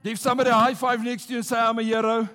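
Male preacher, high voice, rousing sermon, call-and-response, drawn-out emphasis. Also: level tone, bright, forceful tone. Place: church.

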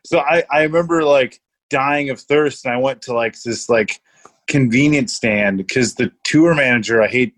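A man's voice: mid-range voice, normal speed, fairly bright tone. A young man in casual chat, rambling through a story with lots of swearing and laughter.

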